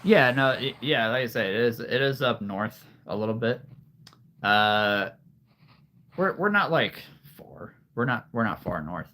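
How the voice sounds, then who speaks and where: Chatty livestream host from Nebraska. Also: male voice, mid-range voice, expressive, measured pace, sharp tone. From Nebraska, USA. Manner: chatty, laughs often, many fillers. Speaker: livestream host showing a creature collection. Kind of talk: casual livestream chat.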